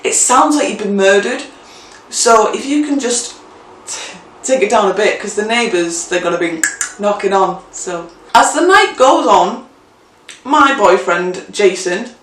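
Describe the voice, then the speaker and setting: A woman's voice: mid-range voice, unhurried, a little hiss or hum. Chatty woman, roomy and distant. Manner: animated, chatty, swearing. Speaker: vlogger. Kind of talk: casual storytime vlog. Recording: roomy, mic set back.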